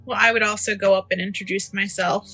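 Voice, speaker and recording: A woman playing a tabletop role-playing game, making quick offhand remarks. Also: medium pitch, fairly even intonation, pushed and bright, slightly rough, faint music behind. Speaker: player. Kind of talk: casual tabletop play.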